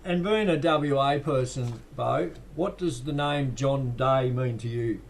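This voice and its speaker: A man's voice: medium pitch, a little slow, creaky, slight background noise. A man hosting a casual interview, giving brief, encouraging reactions. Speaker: podcast host.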